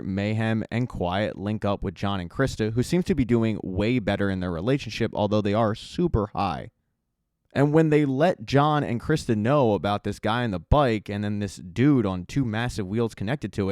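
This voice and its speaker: A man's voice: fairly low pitch, darkish tone, dry recording, clean studio sound. A man narrating a casual, chatty recap of a TV season's plot. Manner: conversational, chatty storytelling. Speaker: TV recap YouTuber.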